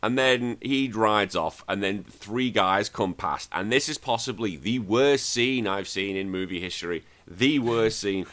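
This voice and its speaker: A man's voice: fairly low pitch, unhurried, hardly any pauses, a bit bright. A man hosting a podcast, retelling a movie scene by scene in casual, profane chat. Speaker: podcast host.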